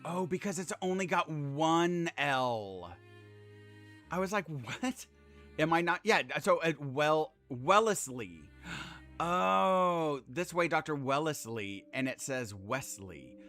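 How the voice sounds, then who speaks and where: Dude in his 30s streaming a game, bright voice, hyped and swearing, then all sincere. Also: a little high, slow pace, soft background music. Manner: excitable, swears freely, earnest when praising others. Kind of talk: casual gameplay commentary.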